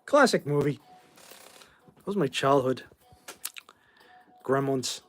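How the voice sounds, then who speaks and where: A man's voice: medium pitch, measured pace. A man in his forties from Boston, hosting a casual livestream chat and answering viewer questions in a rambling, offhand way with blunt opinions. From Boston, Massachusetts. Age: 40s. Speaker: host.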